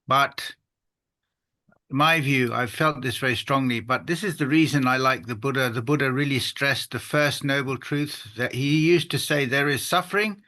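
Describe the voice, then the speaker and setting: A man with a bright voice talks through a spiritual question in an earnest, halting way. He often stops and restarts mid-thought and pokes fun at himself. He is speaking over a video call. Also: mid-range voice, fairly even intonation. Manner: earnest, halting, self-deprecating. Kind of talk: conversational spiritual discussion.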